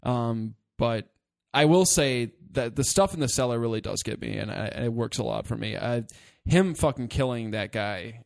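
A man co-hosting a casual movie discussion, talking in an animated, rambling way and swearing freely. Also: medium pitch, moderate pace, gravelly, hardly any pauses. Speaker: podcast co-host.

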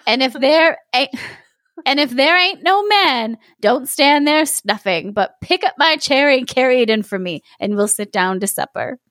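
A woman voicing the sharp-tongued old grandmother of a giant, pert and quick-witted. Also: sits high, lively intonation, no echo, studio quality, pitched above the performer's own voice. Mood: sassy.

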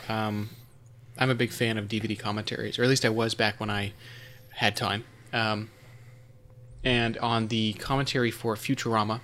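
A man co-hosting a casual podcast chat, explaining game-master tips in a measured way. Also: medium pitch, fairly bright tone, slight background noise.

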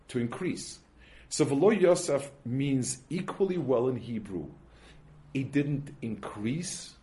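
A man's voice: mid-range voice, warm tone. A man teaching a religious text class, explaining step by step with everyday examples and often restarting his sentences. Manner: halting, with frequent restarts and worked examples. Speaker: Torah teacher.

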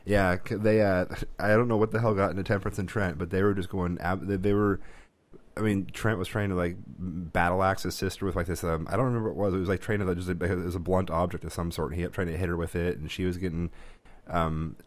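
Fast-talking deep-voiced man chatting. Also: fairly even intonation. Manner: rambling storyteller, many restarts and laughs. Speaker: podcast co-host. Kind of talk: casual chat.

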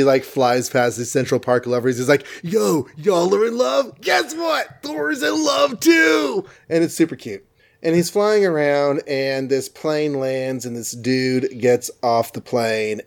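Animated man retelling a comic. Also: on the high side. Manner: animated, rambling storyteller with fillers. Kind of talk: casual comic book recap.

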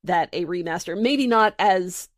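A woman's voice: fairly low pitch, a little slow, no room sound, studio quality. Woman co-host, chatty and hesitant. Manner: hesitant, restarts often, laughs lightly. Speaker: podcast co-host. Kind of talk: casual podcast chat.

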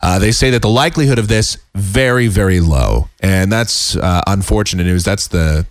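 A man hosting a casual solo podcast, talking in a rambling way with many fillers, his voice a little raspy and tired. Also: low-pitched, normal speed, no room sound, clean studio sound. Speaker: podcast host. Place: home.

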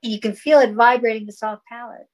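A woman's voice: a little high, steady tone, fast, rough recording. A woman guest in a talk conversation, explaining sound healing in an encouraging, flowing way and demonstrating chanted tones. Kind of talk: casual interview talk.

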